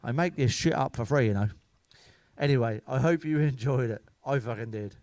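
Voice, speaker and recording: A man's voice: mid-range voice, normal speed, darkish tone, dry recording. A middle-aged man telling crude, bawdy comic stories as a comedian. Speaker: stand-up comedian. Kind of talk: comic storytelling.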